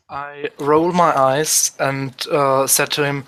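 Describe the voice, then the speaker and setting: Male player, bright voice, somewhat high, hesitant in-character role-play, dry sound. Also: steady tone, very slow, clear, resonant tone, no room sound, low-quality recording. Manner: hesitant, many fillers, half in character.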